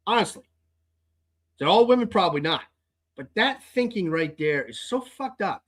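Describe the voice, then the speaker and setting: Husky-voiced man ranting in exasperation. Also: sits high, lively intonation, normal speed, fairly bright tone. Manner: exasperated, heavy swearing, repeats himself. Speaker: podcast host. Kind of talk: casual ranting monologue.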